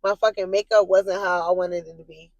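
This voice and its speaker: A young woman telling a casual, profane storytime to her viewers, animated, rising into shrill yelling as she relives her anger. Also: a little fast, dry recording, lo-fi sound. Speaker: vlogger.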